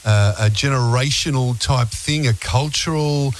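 Rambling Australian radio host. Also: male voice, mid-range voice, unhurried, low-quality recording. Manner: rambling, hesitant questions with many fillers. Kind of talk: overnight radio interview. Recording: faint hiss.

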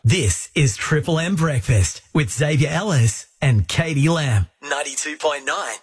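A man's voice: a little high, expressive, unhurried, slightly rough. A man reading a scripted radio station identification in a punchy promotional delivery. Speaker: station announcer.

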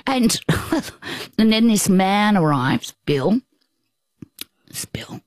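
An older Australian woman tells a personal story at an unhurried pace. She talks haltingly, with restarts and asides. The sound is close and dry. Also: medium pitch, lively intonation, dry recording. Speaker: guest.

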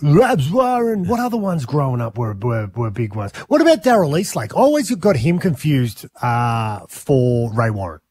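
Excitable husky-voiced radio host. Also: male voice, mid-range voice, normal speed, hardly any pauses, no room sound. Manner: excitable, teasing. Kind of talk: casual breakfast radio chat. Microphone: studio microphone.

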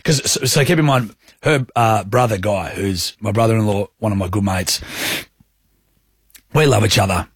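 A man's voice: on the low side, moderate pace, pauses often, slightly rough, no room sound, studio quality. A man in his thirties with an Australian accent, co-hosting a radio show and telling a self-mocking anecdote. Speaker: radio co-host. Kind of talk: casual breakfast-radio banter, storytelling. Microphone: studio microphone.

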